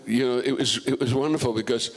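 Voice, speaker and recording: A man's voice: mid-range voice, steady tone, fast. An older man, a guest actor on a festival stage, telling career stories in a rambling way, full of restarts and asides. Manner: rambling, full of restarts and "you know", acting out quoted voices. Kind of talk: relaxed career storytelling on stage.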